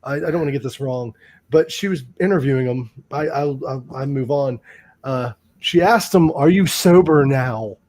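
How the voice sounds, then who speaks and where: A man co-hosting a podcast, telling stories in a loose, animated way and swearing freely. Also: medium pitch, normal speed. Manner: animated storytelling, heavy swearing. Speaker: podcast co-host. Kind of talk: casual chat.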